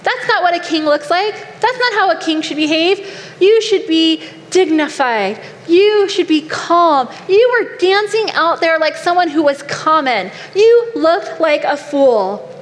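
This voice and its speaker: Woman plays a high, mocking queen, dripping sarcasm, heard in a reverberant hall. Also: normal speed, natural voice. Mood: sarcastic scorn. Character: scornful royal wife mocking her husband, adult woman. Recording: long hall reverb, faint noise.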